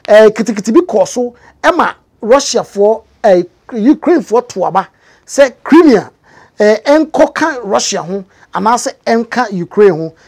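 A woman's voice: a little high, expressive, moderate pace, a little mellow. A woman with a Ghanaian accent giving a casual, explanatory news commentary, with frequent fillers and emphatic rises. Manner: conversational with many fillers, rising emphatic stretches. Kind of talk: explanatory commentary mixing English and Twi.

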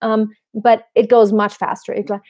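A woman vocal coach answering viewer questions in a relaxed, explanatory way, breaking into short sung examples. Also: medium pitch, normal speed. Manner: explanatory, demonstrates with sung snippets.

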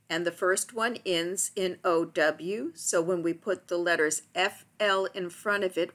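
A woman narrating a phonics lesson for teachers, speaking slowly and carefully as she walks through each word. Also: mid-range voice, fairly bright tone. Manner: slow, careful, deliberate word-by-word delivery.

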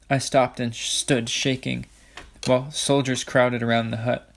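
A man's voice: mid-range voice, level tone, a little slow, vocal fry. A man casually reading a novel aloud, with offhand, jokey asides. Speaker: audiobook reader.

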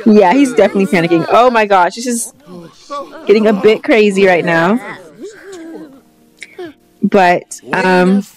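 A woman's voice: mid-range voice, unhurried, pauses often. A young woman giving casual, chatty commentary on a life-simulation game, exclaiming often and voicing what the characters think. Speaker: gameplay vlogger.

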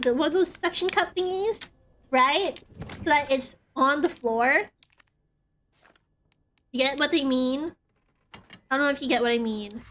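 A woman with a high voice talks her way through a horror game on stream. She rambles, stacks up "like" and swears whenever she gets startled, over a faint hiss of background noise. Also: fairly bright tone. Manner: rambling, nervous, swears often, frequent "like". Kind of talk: casual gameplay commentary.

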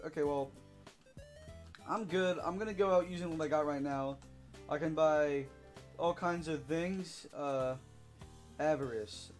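Young male let's player, fairly high, excitable, faint game music behind. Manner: excitable, shouting and whooping while playing. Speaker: gaming YouTuber. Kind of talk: let's play commentary.

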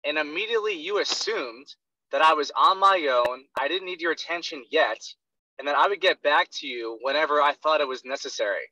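A man's voice: fairly high pitch, fairly quick, bright, forceful tone, no echo. A man coaching a salesperson over an online call, blunt, profane and intense, with dull, dry call audio. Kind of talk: blunt coaching role-play session.

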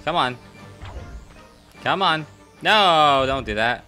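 A man giving let's play commentary, slow and drawn out, his voice leaping up and down as he jokes at the screen. His tone is bright and forceful, and he is sick with a cough. Soft game music plays behind him. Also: on the high side, expressive, smooth. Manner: playful, joking, exclaiming at the game. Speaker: video game player.

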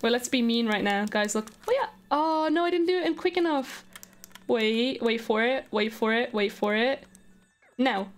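A woman streaming a video game live, gushing and excitable as she chats with her viewers. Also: on the high side, moderate pace. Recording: faint background music.

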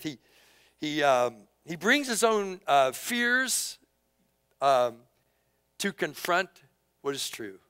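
A man preaching a sermon as pastor, impassioned and conversational, swinging between loud outbursts and hushed asides. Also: medium pitch, lively intonation, measured pace, clear, resonant tone, no room sound. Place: church sanctuary.

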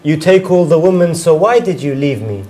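A man's voice: on the high side, expressive, moderate pace, dark tone, low-quality recording. A man reciting his own mournful elegy poem, repeating its refrains with a grieving voice that rises and falls with emotion.

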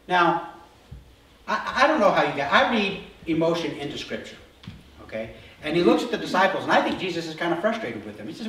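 Male pastor, middle-aged, sermon, animated storyteller, distant mic, faint room hum. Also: a little high, normal speed, long pauses. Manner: animated storytelling, acting out disciples' voices. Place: church sanctuary. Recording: roomy hall from a distance.

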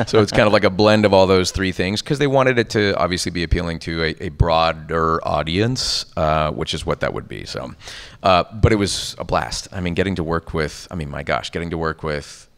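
Deep-voiced man telling stories on a panel. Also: moderate pace, big-room sound. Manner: animated storyteller, rattles off ad copy and voices. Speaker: voice actor guest on a convention panel. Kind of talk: casual convention panel talk. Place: convention panel room.

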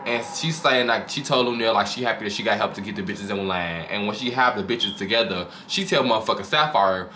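A man's voice: on the low side, fairly quick, hardly any pauses, bright, forceful tone. A man hosting his own channel, recapping a reality show in casual, profane, gossipy commentary with dramatic flair. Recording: noticeable background noise.

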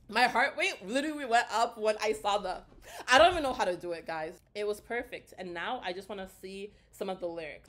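A young woman from Canada reacting to a music video and gushing excitedly to her viewers. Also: mid-range voice, brisk, background noise. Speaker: YouTube reactor. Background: faint music from the video.

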